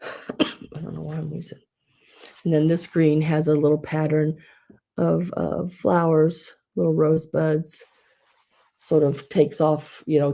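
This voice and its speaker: Low-voiced woman hosting a live sale. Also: mellow. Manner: rambling, many fillers and restarts. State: wheezing. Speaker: live online sale host. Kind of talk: casual live sales chat.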